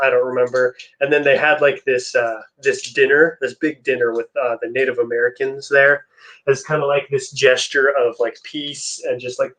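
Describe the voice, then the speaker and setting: Laid-back young man chatting on a live stream. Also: mid-range voice. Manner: relaxed, chatty, answers chat messages. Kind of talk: casual live-stream chat while building.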